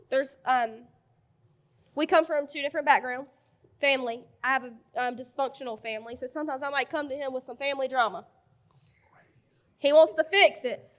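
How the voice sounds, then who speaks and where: A woman's voice: high-pitched, fairly bright tone. A woman in her thirties speaking frankly to a church audience about marriage, with direct advice and laughing asides. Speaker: co-presenter at a marriage conference. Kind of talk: conversational church talk.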